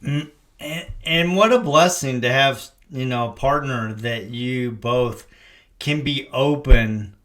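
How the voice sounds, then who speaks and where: A man's voice: mid-range voice, slow, a bit bright. A middle-aged man hosting a podcast, speaking in a reflective way with preacher-like emphasis. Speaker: podcast host. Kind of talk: casual conversation.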